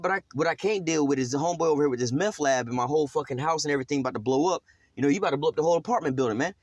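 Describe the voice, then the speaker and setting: A man teaching scripture at a quick clip, loose and streetwise, heavy with slang and cursing. He trails off in fillers and restarts. The sound is dry and close. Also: on the high side, expressive, dry recording. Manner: streetwise, profane, rambling with many fillers.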